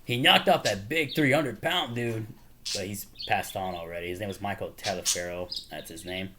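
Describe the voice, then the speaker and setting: Excited movie fan rambling, birds behind. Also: male voice, on the low side, normal speed. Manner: excited, rambling retelling of movie scenes with laughs. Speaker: movie fan showing his collection. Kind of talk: casual chat to camera. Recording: noisy home recording with birds chirping behind.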